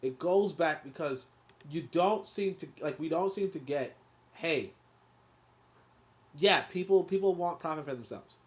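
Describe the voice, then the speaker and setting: A man hosting a book reading, stopping often to comment in a loose, animated way and repeating filler words. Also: fairly high pitch, a little slow, pauses often. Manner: animated, repeats filler words, gets loud and laughing when riffing.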